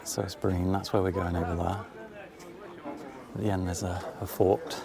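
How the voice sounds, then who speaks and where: A man's voice: sits low, level tone, moderate pace, vocal fry, crowd noise. A man talking casually to the viewer while walking outdoors, chatty and self-mocking, filming on a handheld camera. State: out of breath while climbing. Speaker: vlogger. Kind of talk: casual vlog walk-and-talk. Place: outdoors, farm fields and coastal path. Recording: faint outdoor noise.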